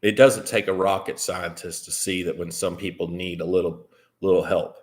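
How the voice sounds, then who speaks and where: A man's voice: low voice, steady tone, moderate pace. A man telling a rambling story to his live chat, swearing freely and filling gaps with ums. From United States. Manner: rambling, profane, with frequent fillers. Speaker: vlogger.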